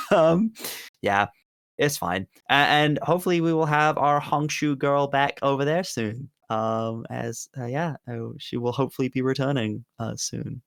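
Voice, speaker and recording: A man's voice: medium pitch, measured pace, gravelly, fairly bright tone, dry recording, studio quality. A man from the UK, a player on a tabletop game stream, chatting casually at the end of the stream in an upbeat, rambling, self-mocking way. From United Kingdom. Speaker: tabletop game player plugging his projects.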